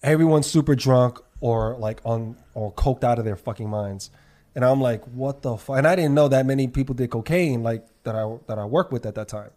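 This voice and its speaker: A man's voice: medium pitch, fairly quick. A man in casual podcast chat, telling a long story with lots of swearing and acted-out quotes. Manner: animated, profane, repeats himself in quoted dialogue.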